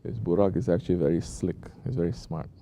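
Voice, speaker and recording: A man, a sheikh, giving an unhurried sermon and often checking in with his listeners with rhetorical questions. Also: low voice, creaky, warm tone, a little hiss or hum. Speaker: sheikh giving a talk at a Sufi lodge.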